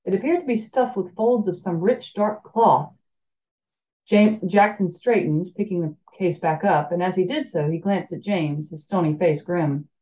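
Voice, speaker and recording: A woman's voice: on the low side, moderate pace, dark tone, highs cut off. A woman reading a fantasy novel aloud, chatting and laughing in the breaks between passages. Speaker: reader of a fan audiobook.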